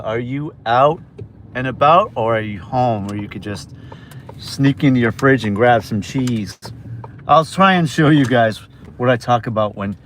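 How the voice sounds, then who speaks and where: A man's voice: medium pitch, a bit bright, a little hiss or hum. A man from New York livestreaming as a delivery driver, chatting loosely with viewers from his car and a store on a phone camera. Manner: chatty, rambling, talks to chat viewers. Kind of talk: casual livestream chat.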